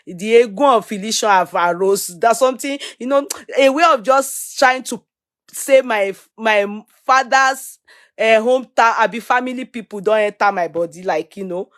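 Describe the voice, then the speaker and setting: A middle-aged Nigerian woman hosting a live stream, reading out viewer comments and shout-outs. She talks in an animated way at a medium pitch and drifts easily into Pidgin and Yoruba. The sound is dry and close, with little room tone. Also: dry recording. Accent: Nigerian, Yoruba-influenced English. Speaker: livestream host.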